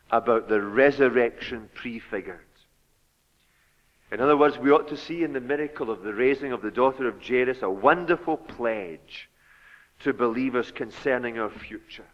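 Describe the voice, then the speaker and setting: A man preaching a sermon, slow and deliberate, rising to loud, fervent exhortation. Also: mid-range voice. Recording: long hall reverb, dull lo-fi sound.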